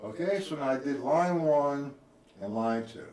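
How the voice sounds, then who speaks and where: A man's voice: medium pitch, unhurried, loud music behind the voice. Man teaching drums in a roomy space. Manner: counts beats aloud, quizzes viewers directly. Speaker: drum teacher. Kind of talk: live-streamed drum lesson. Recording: roomy, from a distance.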